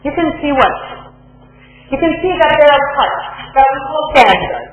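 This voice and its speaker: The high voice of a woman university lecturer fills a very echoey room, and each word trails off into long reverb. She explains things step by step, repeats her points and keeps checking that her students follow. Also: animated, normal speed, muffled recording, a little hiss or hum. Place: lecture hall.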